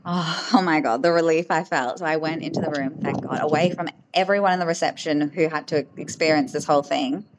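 A woman hosting a podcast, telling personal stories in an emotional, animated way, full of fillers. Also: sits low, brisk, few pauses, background noise. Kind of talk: casual storytelling.

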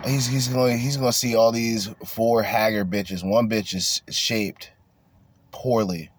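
A man's voice: lowish voice, steady tone, measured pace, breathy edge. A man hosting a casual podcast, ranting bluntly and crudely with lots of swearing. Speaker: podcast host.

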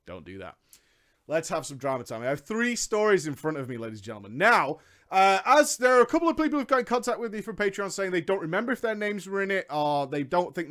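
A young man talking casually on a live stream, excitable and swearing freely, ranting in bursts. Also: high-pitched.

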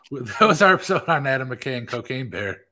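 Bright-voiced blunt male podcast co-host. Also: mid-range voice, very animated. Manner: blunt, brisk, joking. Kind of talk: casual chat.

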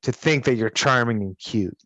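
A man's voice: medium pitch, moderate pace, a bit bright, no room sound, dull audio. A man co-hosting a podcast, chatting casually, rambling and swearing, with strong opinions. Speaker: podcast co-host.

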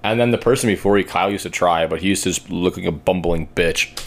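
A man's voice: low-pitched, quick pace, gravelly, slight background noise. A young man hosting a podcast, crude and joking in casual banter, often laughing. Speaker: podcast host.

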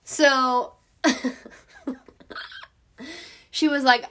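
A woman's voice: mid-range voice, unhurried, pauses often, bright, forceful tone. A young woman hosting a podcast, telling a personal story in a frank, profane way and laughing often. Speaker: podcast host. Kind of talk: casual storytelling.

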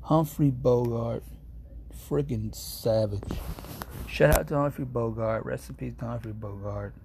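Medium in pitch with a creaky, dark tone, the man chats casually while reading reviews to his viewers, slight background noise behind him. Easily distracted, he rambles along full of slang and amused asides.

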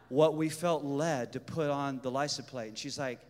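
A man preaching, telling a testimony story with animated energy and acting out the voices of the people in it. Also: mid-range voice, normal speed, few pauses. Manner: animated storyteller, acts out voices, shouts to the crowd. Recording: echoey hall with long reverb.

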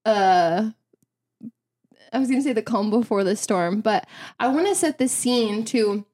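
A young woman co-hosts a casual podcast with her friend. Her voice is slightly high. She rambles through her explanations with plenty of fillers. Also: lively intonation, a little slow, darkish tone. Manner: chatty, rambling, uses lots of fillers. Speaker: podcast co-host. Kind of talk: casual chat.

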